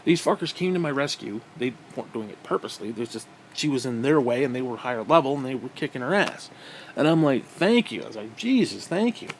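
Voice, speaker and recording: A man delivering an angry, profane rant as a gaming vlogger, with loud outbursts. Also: medium pitch, quick pace, slight background noise. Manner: profane and aggressive.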